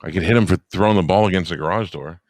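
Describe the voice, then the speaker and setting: A man's voice: sits low, racing, darkish tone, no room sound, clean studio sound. A middle-aged man co-hosting a podcast, bantering bluntly and profanely in casual chat. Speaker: podcast co-host.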